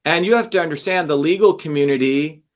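A man telling a long story in an interview, animated and acting out the voices of others as he goes. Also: a little high, quick pace. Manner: animated, acts out courtroom dialogue. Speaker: guest.

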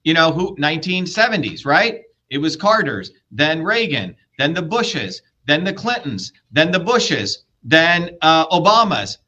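A man's voice: a little high, sing-song, measured pace, hardly any pauses, pushed and bright, lo-fi sound. A man running for office, arguing bluntly and lecturing with profanity in a heated political debate. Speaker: political candidate.

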